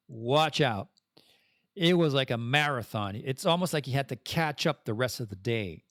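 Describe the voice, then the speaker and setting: A man from Canada hosting a casual podcast monologue, rambling and self-deprecating, with animated swings in his voice. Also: mid-range voice, normal speed, no room sound, studio quality. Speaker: podcast host.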